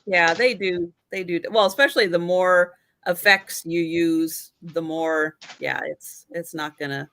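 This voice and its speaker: A chatty woman from the US West Coast joins a casual live chat with helpful tips. Her voice is bright and clear. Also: on the low side, steady tone, unhurried, few pauses.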